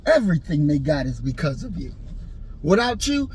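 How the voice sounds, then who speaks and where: A man delivering an impassioned, preachy rant and story, repeating his points and rising into shouts. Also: a little high, very animated, moderate pace, a little hiss or hum, poor audio. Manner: preachy, repetitive, swings into shouting.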